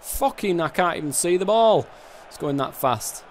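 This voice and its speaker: A young man with a high-pitched voice talks over his football game. He rants and swears at the game in a casual, frustrated way. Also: animated, moderate pace, a little hiss or hum. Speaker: gaming YouTuber.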